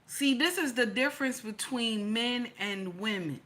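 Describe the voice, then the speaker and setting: A middle-aged woman giving opinionated livestream commentary, blunt and preachy, with profanity sprinkled through. Her voice sits a bit high and rings bright and forceful. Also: a little slow. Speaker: livestream host.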